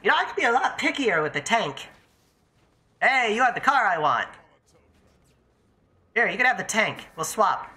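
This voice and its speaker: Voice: medium pitch, sing-song, normal speed, pauses often, bright, forceful tone. A young adult streamer giving casual, profane commentary while playing a game live and chatting to viewers. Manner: chatty, profane, talks to self and chat.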